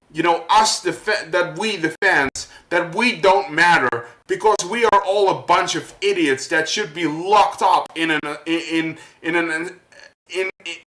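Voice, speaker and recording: A man ranting to camera as a vlogger, worked up and halting, repeating his words as he goes. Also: fairly high pitch, pushed and bright, echoey room, poor audio. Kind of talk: angry rant to camera.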